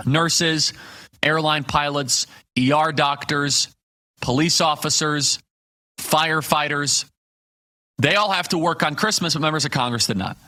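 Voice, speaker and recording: Guy hosting a political talk show, bright punchy voice, fired-up rhetorical commentary. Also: fairly high pitch, unhurried. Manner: emphatic, rhetorical, punchy lists.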